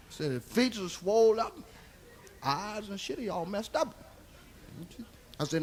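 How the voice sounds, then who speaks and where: Male stand-up comic, very high and bright voice, profane rambling story, live stage with faint noise. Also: sing-song, normal speed. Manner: profane, rambling tall tale with tag "see?"; drops to a hushed voice for quoted lines, rises to shouting at the climax. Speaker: stand-up comedian. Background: audience laughter.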